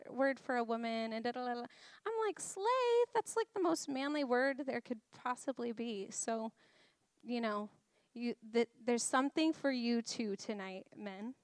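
A woman in her thirties giving a chatty, animated personal testimony to a church crowd, laughing as she tells stories. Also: on the high side, moderate pace, smooth, no echo, clean studio sound. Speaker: speaker at a church.

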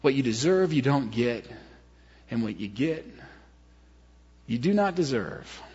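Husky male pastor in a reverberant hall. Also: mid-range voice, unhurried. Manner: animated, self-deprecating, dropping to hushed tones for serious moments. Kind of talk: sermon storytelling. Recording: dull lo-fi sound with long hall reverb.

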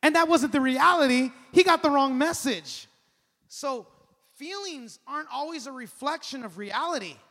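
A man in his thirties preaching a sermon as pastor, animated and conversational, calling on the congregation to respond. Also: very high voice, normal speed. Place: large church hall. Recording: long hall reverb.

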